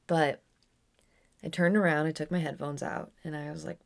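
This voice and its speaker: A woman's voice: sits low, fairly even intonation, quick pace, gravelly. A young adult woman telling a personal story on her podcast in a candid, rambling way with frequent restarts. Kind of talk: casual storytelling monologue.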